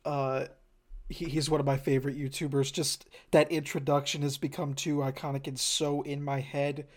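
A man's voice: mid-range voice, little pitch movement, normal speed. A man co-hosting a podcast, chatting casually and enthusiastically, often repeating a word as he restarts a sentence. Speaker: podcast co-host. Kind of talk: casual chat.

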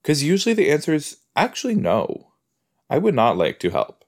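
A man's voice: a little high, huge pitch swings, normal speed, darkish tone. A man hosting a podcast, giving casual solo reactions while he watches a TV episode. He chats, laughs at his own jokes and tosses out rhetorical asides.

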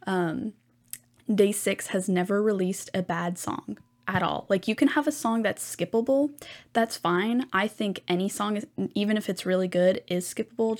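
A woman's voice: mid-range voice, a little mellow. A young woman hosting a solo podcast, chatting casually and rambling with lots of ums and side comments. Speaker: podcast host.

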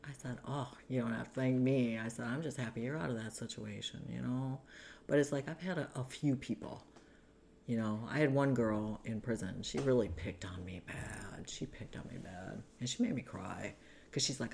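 Guest storyteller: woman, strikingly low and gravelly voice, chatty with lots of fillers, faint hiss. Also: a little slow. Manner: chatty, many fillers, acts out quoted people. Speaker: guest telling her life story. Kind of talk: casual conversational storytelling.

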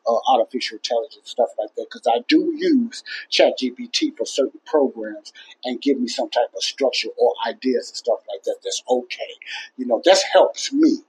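A man's voice: medium pitch, a little mellow, breathy edge, rough recording. A man hosting a casual Christian talk show, rambling and repeating himself in an earnest, plainspoken way. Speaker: Christian podcast host. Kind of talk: casual faith talk to listeners.

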